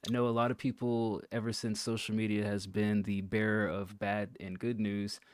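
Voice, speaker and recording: A man with a lower voice chatting on a podcast, dry and teasing in his questions. The sound is close and dead, with no room around it. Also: little pitch movement, normal speed, dry recording. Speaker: podcast co-host. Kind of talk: casual chat.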